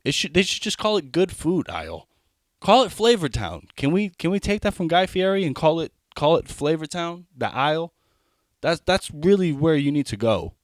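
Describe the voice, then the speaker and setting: A man's voice: on the high side, sing-song, normal speed, dry recording, studio quality. A young adult man doing a stand-up comedy set, talking conversationally with rambling asides and frequent restarts.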